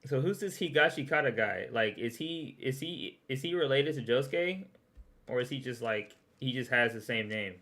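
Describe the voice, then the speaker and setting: This young man is a streamer reacting to a recap video, his medium-pitched voice animated, a bit bright, and at normal speed. Loose and chatty, he laughs as he reacts, tripping over words and saying some twice.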